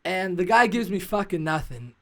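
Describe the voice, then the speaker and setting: A man's voice: high-pitched, animated, normal speed, creaky, pushed and bright. A young man, a stand-up comedian co-hosting a podcast, telling a casual story with lots of swearing and fillers. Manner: rambling, profane, filler-heavy.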